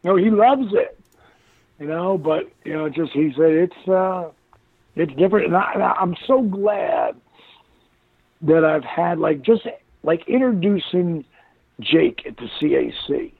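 Gravelly-voiced man on a tinny phone line. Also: fairly high pitch, measured pace, no room sound. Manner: rambling, animated storytelling with frequent laughs. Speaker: interview guest, former wrestler. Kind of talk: casual interview chat.

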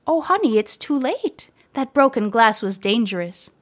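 A woman voicing a gentle, comforting mother in a storybook reading, in a soothing way. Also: on the high side, big pitch swings, normal speed.

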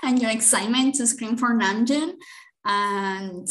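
A woman's voice: a little high, unhurried, a bit bright. Emotional, rambling woman in an echoey room. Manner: emotional, rambling, laughs often. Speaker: podcast co-host. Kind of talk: casual chat.

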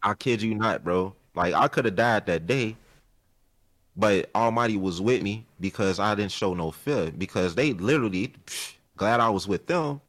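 A man's voice: fairly low pitch, normal speed, no room sound. Heated guy on a podcast mic telling a long story, swears a lot, dry close sound. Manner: animated, profane, retells a heated argument. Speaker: podcast host. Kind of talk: casual storytelling chat.

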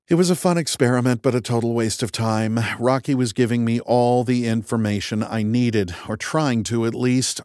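A man's voice: mid-range voice, darkish tone, dry recording. A man reading a first-person audiobook in a dry, wry and methodical way. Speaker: audiobook narrator. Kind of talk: first-person scripted narration.

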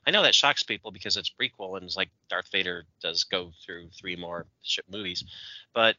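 A man's voice: deep voice, moderate pace, bright, forceful tone, dry recording, muffled recording. A man co-hosting a podcast in casual chat, opinionated and ranting. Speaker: podcast co-host.

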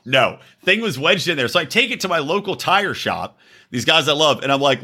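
Animated husky man telling a story. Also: normal speed. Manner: animated, laughing, jumps into high exclaims. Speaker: podcast host. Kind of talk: casual storytelling chat.

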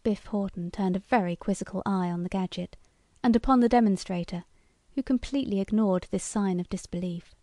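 A woman narrating a short story as a steady, even reading. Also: mid-range voice, fairly quick, hardly any pauses, no echo, clean studio sound. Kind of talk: scripted narration.

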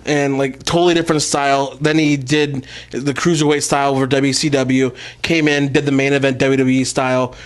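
Dude on a wrestling podcast, rambly, swears a lot, mid-pitch voice. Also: male voice, level tone, brisk. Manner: rambling, lots of fillers and swearing. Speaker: podcast co-host. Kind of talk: casual chat.

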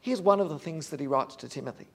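A man's voice: fairly high pitch, lively intonation, fast, gravelly, breathy edge. A man preaching a sermon, earnest and candid, talking plainly to the congregation with fillers.

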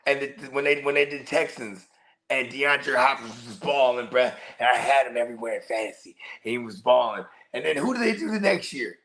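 A man co-hosting a fantasy football podcast in casual chat, animated, joking and swearing freely. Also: medium pitch, a little fast. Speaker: podcast co-host.

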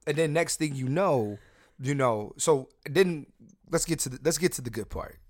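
A man's voice: a little high, expressive, normal speed, no echo, studio quality. A man hosting a casual podcast, brash and profane, rambling and restarting his sentences as he tells stories. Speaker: podcast host.

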